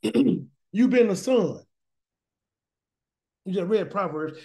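A man's voice: high voice, expressive, slow, creaky, pauses often, mellow. A man teaching a Torah study in an informal, preachy sermon style, talking in a colloquial way, often repeating words and firing off rhetorical questions. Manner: colloquial Southern-leaning speech with "y'all" and "gonna". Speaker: Bible teacher.

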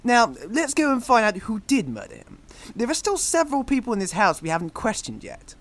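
A woman's voice: on the high side, sing-song, fairly quick. A woman voicing a pompous, blunt, bumbling male detective in a comedy audio drama. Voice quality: pompous, blunt, self-important.

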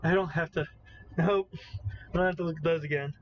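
A man co-hosting a casual podcast, excitable and prone to swearing and exclaiming in disbelief, on a slightly muffled recording with faint noise. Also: on the high side, a little fast. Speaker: podcast co-host. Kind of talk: casual chat.

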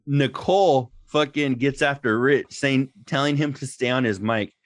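A man co-hosting a podcast talks at a normal speed and medium pitch, wandering through a casual chat full of profanity and frequent laughter. The audio is dry and studio quality.

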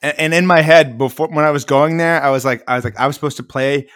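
A man's voice: on the high side, fast talker, clean tone. A man telling stories on a podcast, acting out the voices of the people in them. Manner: animated storyteller, acts out quotes. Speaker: podcast co-host. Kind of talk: casual chat.

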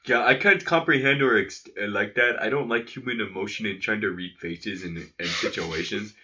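A man's voice: lowish voice, moderate pace, bright, forceful tone. A young man chatting casually about movies, joking and swearing a lot. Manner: profane, joking, acts out quotes. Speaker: podcast co-host. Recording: dull lo-fi sound.

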